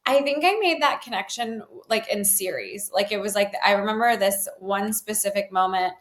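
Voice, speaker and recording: A woman's voice: medium pitch, normal speed. A woman guest speaking earnestly in a candid interview, with many "like" fillers. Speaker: guest, healer. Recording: roomy echo.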